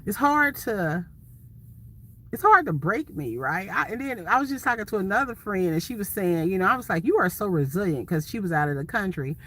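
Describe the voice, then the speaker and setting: A woman's voice: mid-range voice, big pitch swings, fairly quick, a bit bright. A woman from Ohio, a van-life vlogger chatting casually and expressively with viewers on a phone livestream. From Ohio, USA.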